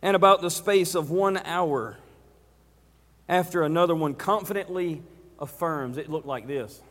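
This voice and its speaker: A man's voice: on the high side, measured pace, a bit bright. A man preaching a sermon who retells scenes dramatically and acts them out. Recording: reverberant church hall.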